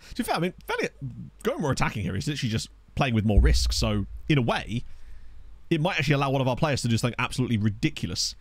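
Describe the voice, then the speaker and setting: A young man giving chatty, excitable live commentary on a football management game while streaming and answering his chat. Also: mid-range voice, very fast, dry recording. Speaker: gaming streamer. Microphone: desk USB microphone.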